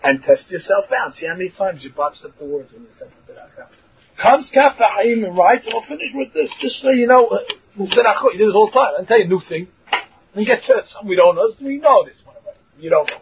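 A man teaching a Torah lesson in a lively, animated way, mixing Hebrew and English, acting out voices and laughing along the way. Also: high voice, fast, slight background noise. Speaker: rabbi teaching a class. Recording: dull lo-fi recording.

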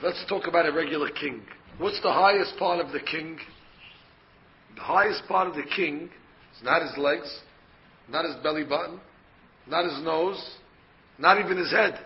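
A man's voice: fairly high pitch, moderate pace, long pauses, lo-fi sound. A man, a rabbi, giving a Torah lecture and explaining by asking questions and answering them himself. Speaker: rabbi teaching a Torah class.

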